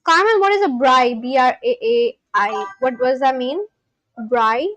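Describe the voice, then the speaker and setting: A woman hosting a live stream, chatting casually and asking quick, curious questions. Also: high voice, lively intonation, a bit bright, no echo, dull audio.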